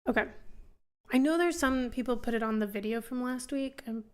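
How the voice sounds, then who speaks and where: A woman's voice: fairly high pitch, brisk, clean tone. A woman hosting a casual livestream book club, greeting viewers and reading their jokes aloud with frequent giggles. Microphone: streaming mic.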